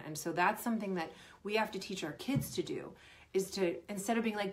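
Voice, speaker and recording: A performance coach in her thirties gives earnest, animated advice to sports parents in a Q&A talk, often acting out lines a parent might say. Her voice is mid-range and her pace a little fast.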